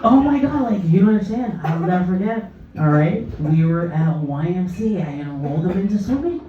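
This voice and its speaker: A woman's voice: lowish voice, brisk, slight background noise. A woman performing a stand-up comedy set on a club stage, telling stories and acting out the voices in them with lots of animation. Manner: animated, acts out her own and others' voices. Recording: echoey comedy club from far off, dull sound, crowd laughing. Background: audience laughter.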